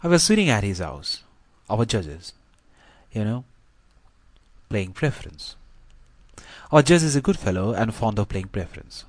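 A man's voice: lowish voice, big pitch swings, a little slow, long pauses, no room sound. A man voicing a thin, talkative middle-aged country doctor who tells his tale in a chatty, confiding way, read as an audiobook. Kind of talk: audiobook reading.

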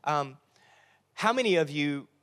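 A man preaches to his congregation, lively and playful, slipping into comic voices for the figures in his story. His voice sits high for a man. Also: a little slow. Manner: animated, acts out Bible figures in funny voices. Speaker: pastor. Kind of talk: sermon. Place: church sanctuary.

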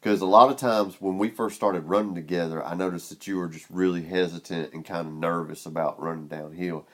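Very deep-voiced teasing man. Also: fairly even intonation, brisk, fairly bright tone. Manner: teasing, dry joking. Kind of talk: casual chat.

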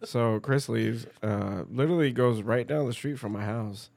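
A man's voice: mid-range voice, normal speed, creaky. A man in casual chat, joking and teasing his friend. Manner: joking, teasing, lively delivery.

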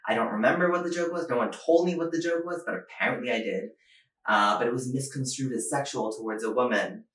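A young man from Asia performs a stand-up comedy monologue and pokes fun at himself. He jumps into raised voices to act out quotes. His voice sits at a middle pitch, and the room around him has a noticeable echo. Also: quick pace, far from the mic. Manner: animated, self-mocking, acts out quotes in raised voices. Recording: echoey room.

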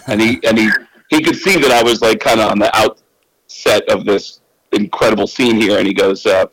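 A man's voice: medium pitch, moderate pace, fairly bright tone, no echo, low-quality recording. A male comedian guest telling loose, casual anecdotes, swearing freely and laughing between lines.

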